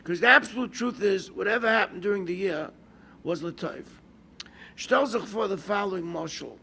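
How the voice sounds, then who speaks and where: A man's voice: high-pitched, normal speed, creaky, pushed and bright, slight background noise. A man, a rabbi, giving an informal Torah class in a conversational storytelling manner, asking rhetorical questions and pushing some words with bursts of emphasis. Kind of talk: informal Torah lecture with stories.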